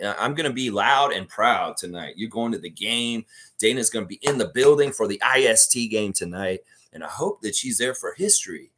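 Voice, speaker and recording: A man hosting a live fan stream in a casual, ranting way. His pitch swings widely as he gets worked up, and he swears freely. He repeats his points and reads viewers' comments aloud. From Canada. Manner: animated, swears a lot, repeats himself, reads chat aloud. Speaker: fan show host.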